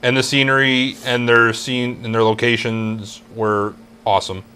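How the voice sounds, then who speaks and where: A man's voice: medium pitch, flat delivery, moderate pace, pushed and bright, slight background noise. A man on a casual comedy show, making wisecracks.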